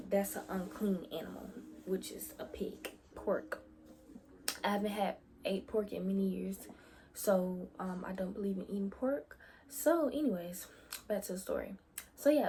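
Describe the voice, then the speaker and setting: A woman's voice: medium pitch, a little mellow, slight background noise. Chatty young woman with whispered asides. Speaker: vlogger. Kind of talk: casual storytelling about faith.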